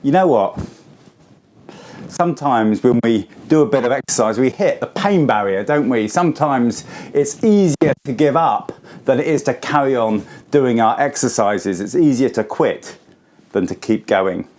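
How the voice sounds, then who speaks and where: A man in his forties giving a school assembly talk, telling a story to children in simple, lively words. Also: mid-range voice, normal speed. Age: 40s.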